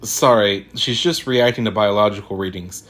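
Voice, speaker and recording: A man's voice: fairly low pitch, moderate pace, fairly bright tone, close to an everyday voice. A man voicing an anxious young boy inventor who gets defensive and snaps when criticized. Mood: tense. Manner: snappish, nervous.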